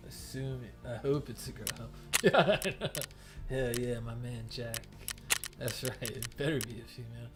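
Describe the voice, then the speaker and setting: A young adult man streaming a game, telling a rambling story full of "like" fillers and swearing. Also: mid-range voice. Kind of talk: casual storytelling. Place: home gaming setup.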